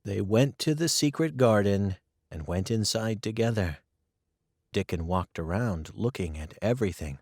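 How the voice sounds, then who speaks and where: A man narrating a graded-reader audiobook in a clear, careful storytelling manner. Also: lowish voice, lively intonation, moderate pace, a little mellow, dry recording, clean studio sound.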